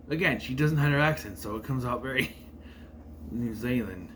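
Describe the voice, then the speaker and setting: A man's voice: mid-range voice, expressive, moderate pace, fairly bright tone, slight background noise. A man giving a casual, rambling movie review with sarcastic asides.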